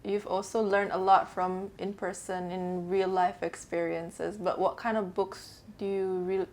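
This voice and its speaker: A woman's voice: medium pitch, little pitch movement, a little slow, a little mellow. A woman hosting a casual podcast interview, asking guests encouraging questions. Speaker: podcast host.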